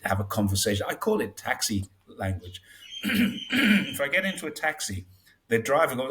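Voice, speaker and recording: A man in his sixties, born in Britain, chatting casually in an interview and telling stories with lively acted-out dialogue. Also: fairly low pitch, moderate pace. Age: 60s. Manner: chatty storyteller, acts out dialogue in raised voices. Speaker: guest.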